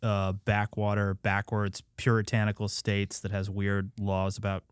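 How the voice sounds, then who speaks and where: Male podcast co-host, smooth resonant voice, close dry mic. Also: on the low side, completely flat delivery, a little slow, no room sound. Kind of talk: casual chat.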